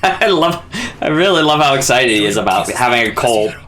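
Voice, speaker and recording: A man's voice: medium pitch, animated, fairly quick, a little hiss or hum. Chatty man reacting to a TV episode. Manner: chatty, laughs often, blurts out reactions. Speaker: reaction video host. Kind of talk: casual reaction commentary. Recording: show audio playing loudly beneath.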